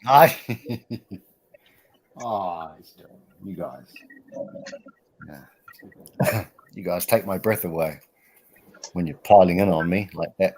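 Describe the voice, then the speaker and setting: A man's voice: sits low, slow, pauses often, a little mellow, slight background noise. A man, chatting casually on a group stream, protesting and laughing as he tells rambling stories. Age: 40s. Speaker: regular on a livestream chat.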